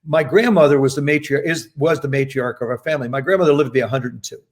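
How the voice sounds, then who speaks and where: A man's voice: mid-range voice, fast. A man in his seventies from New Jersey, a podcast guest telling long anecdotes and acting out the people he quotes. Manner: anecdotal, acts out quoted voices with lively emphasis. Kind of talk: casual storytelling interview.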